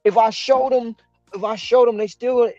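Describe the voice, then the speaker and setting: A man hosting a casual chat, telling animated stories, swearing freely and acting out what people said. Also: extremely high pitch, moderate pace, no room sound, highs cut off, soft background music. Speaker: host, delivery driver.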